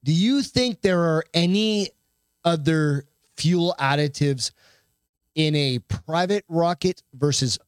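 A man's voice: fairly high pitch, slow pace, smooth, no echo, clean studio sound. A man co-hosting a casual podcast over drinks, swearing freely and reading news aloud in a sarcastic tone. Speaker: podcast co-host. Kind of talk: casual bar-style podcast chat.

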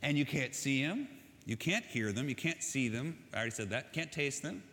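Pastor guy, chatty sermon, bright voice, big echoey church. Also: medium pitch, expressive, moderate pace. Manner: casual, conversational storytelling with asides.

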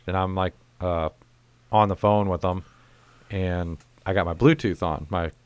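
A young man, low and smooth, tells a story on his podcast. He swears freely and acts out the other people in the tale. The sound is close and dry, with no room in it. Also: measured pace, no room sound. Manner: profane, animated storytelling with acted quotes. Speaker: podcast host. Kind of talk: casual chat, storytelling.

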